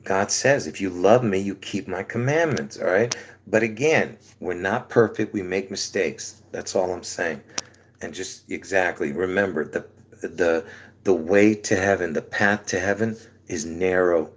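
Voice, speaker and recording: A man's voice: low-pitched, unhurried, a little hiss or hum. A man preaching casually to his channel on a livestream, rambling, chuckling between phrases and asking "all right?" again and again, with a sore throat.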